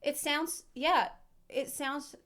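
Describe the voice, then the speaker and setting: High-pitched woman streamer, rambly, swears a lot while reacting. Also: steady tone, slow, pushed and bright. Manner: rambling, swearing, self-mocking. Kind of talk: casual reaction chat.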